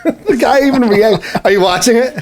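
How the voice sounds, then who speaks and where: Male co-host, light high voice, casual, keeps interjecting. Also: moderate pace, crowd noise. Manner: interjecting, acts out quotes in a lower voice. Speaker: podcast co-host. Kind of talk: casual chat.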